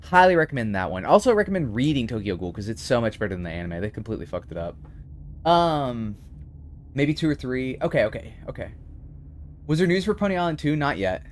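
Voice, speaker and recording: A man with a fairly high-pitched voice streams a game, chatting animatedly and answering messages from viewers in a casual live-stream. There's a little hiss or hum.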